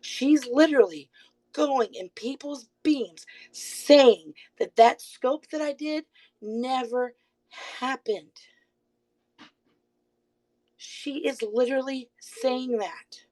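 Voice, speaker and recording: Woman streamer, a little high, on a phone mic; confrontational rant delivered in quick bursts, keeps saying she isn't angry. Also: poor audio. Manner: confrontational, repeated pointed rhetorical questions; rapid bursts, insists she is calm. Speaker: live streamer. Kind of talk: livestream call-out rant.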